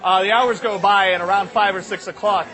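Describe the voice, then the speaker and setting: A man's voice: sits high, steady tone, fairly quick, music in the background. A young man telling a long comic story to a live audience, rambling with lots of fillers.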